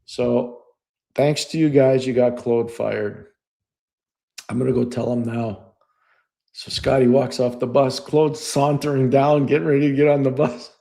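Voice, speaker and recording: Gravelly-voiced man telling old stories. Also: medium pitch, a little slow. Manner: animated storyteller, acts out quoted voices, laughs often. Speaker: podcast co-host. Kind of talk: storytelling in casual chat.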